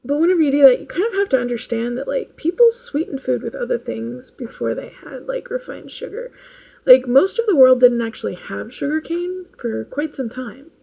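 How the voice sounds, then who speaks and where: Husky, gravelly-voiced woman vlogger. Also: high-pitched, lively intonation, normal speed, mellow, poor audio. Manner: rambling, laughs often, restarts. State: tired late at night. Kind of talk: casual chat.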